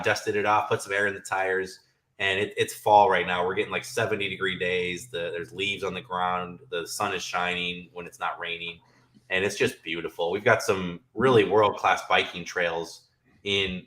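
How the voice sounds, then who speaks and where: A man hosting a podcast, chatting in a relaxed, easygoing way. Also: deep voice. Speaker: podcast host. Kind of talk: casual podcast chat. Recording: roomy echo.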